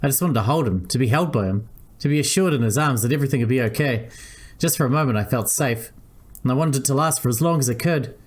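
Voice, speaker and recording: A man's voice: medium pitch, fast talker. A man hosting a let's-play, reading a visual novel aloud and switching between narration and character voices.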